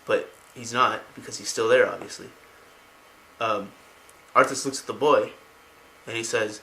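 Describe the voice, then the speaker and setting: A man retelling a story in a casual way, excitedly rambling and swearing as he goes. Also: fairly low pitch, unhurried, gravelly, long pauses. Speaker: lore explainer. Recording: roomy home recording.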